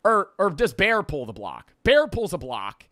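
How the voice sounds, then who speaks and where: A man's voice: high-pitched, big pitch swings, unhurried, bright, forceful tone, no echo, clean studio sound. A man casually recapping a movie plot, rambling and profane, laughing as he goes. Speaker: podcast host.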